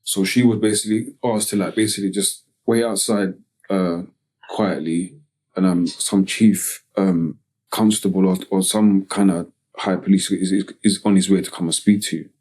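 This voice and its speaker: A man from Tottenham with a North London accent, telling a personal story as a podcast guest in slangy, halting speech full of "you get me" tags. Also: sits low, fairly even intonation, darkish tone. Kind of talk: casual storytelling interview.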